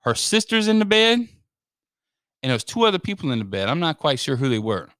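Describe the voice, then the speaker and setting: He has a somewhat high voice and a fairly quick delivery, captured in clean studio sound without any room noise. In easygoing chat he recounts something funny, cursing freely and voicing what each person said.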